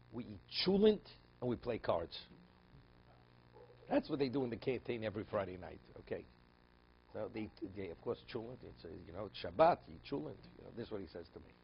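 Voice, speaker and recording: A man's voice: lowish voice, gravelly, lo-fi sound, slight background noise. A man who is a rabbi giving a religious text lesson, telling stories, asking rhetorical questions and often repeating words. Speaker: rabbi teaching a daily class.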